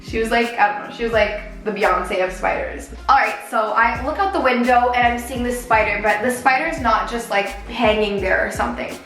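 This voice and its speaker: A woman in her twenties telling a story in a casual vlog while doing her makeup, animated and chatty, with many "like" fillers. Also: on the high side, normal speed, few pauses. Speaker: beauty vlogger. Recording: roomy echo with faint background music.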